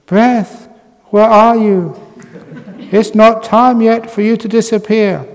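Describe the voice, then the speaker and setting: A man's voice: high voice, steady tone, takes it slowly, a little mellow, long reverb tail, voice pushed up. A man voicing a flustered, bossy meditator in a story he reads aloud. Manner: blustering, pleading.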